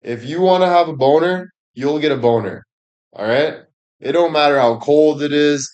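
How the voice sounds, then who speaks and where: A man's voice: a little high, normal speed, a little mellow, lo-fi sound. A man giving a crude, rambling comedic monologue on a livestream, swearing constantly and laughing at his own jokes. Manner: profane, rambling, laughs often, fillers like "you know".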